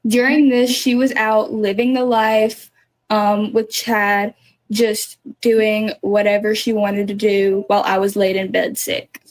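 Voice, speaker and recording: A teenage girl recounting her own story in a measured, matter-of-fact way in a personal video clip. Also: medium pitch, level tone, rough recording.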